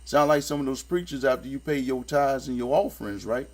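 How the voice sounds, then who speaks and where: A man giving casual spoken commentary as he reads and critiques scripture, talking in a streetwise, sarcastic, emphatic way and repeating his points. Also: fairly quick. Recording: low electrical hum behind the voice.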